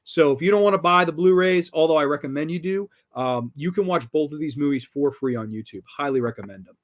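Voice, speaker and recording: A man with a fairly high voice hosting a horror movie review show in a loose, chatty way. He gushes enthusiastically about the films, trips over his words and swears casually. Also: fairly quick. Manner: enthusiastic and animated, swears casually, many restarts. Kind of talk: casual film review chat.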